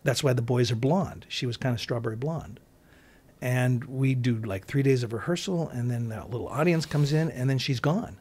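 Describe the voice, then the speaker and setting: A man's voice: medium pitch, moderate pace, darkish tone, slightly rough. A man, an actor guest in an interview, telling a story in a casual, rambling way with many restarts and asides.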